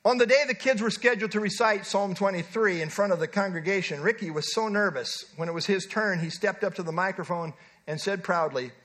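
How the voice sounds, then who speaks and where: Middle-aged male pastor, high-pitched, earnest emphatic sermon delivery. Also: fairly bright tone. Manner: earnest, emphatic preaching with slow stressed phrases.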